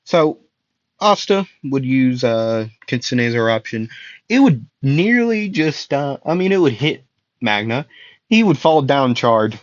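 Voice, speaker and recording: A man's voice: mid-range voice, very animated, slow, dry recording, muffled recording. A young man telling a fan story in a casual, rambling, jokey way, often stopping to correct himself.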